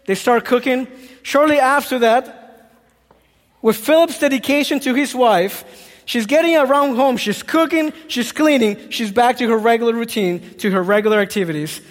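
A man's voice: very high voice, fairly even intonation, moderate pace. A man preaching a sermon as a dramatic story, now and then breaking into song. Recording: echoey hall.

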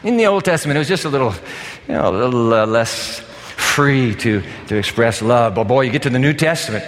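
An older man preaching a sermon in a church, with animated, conversational emphasis. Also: medium pitch, a little fast, big-room sound. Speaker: pastor. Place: church sanctuary.

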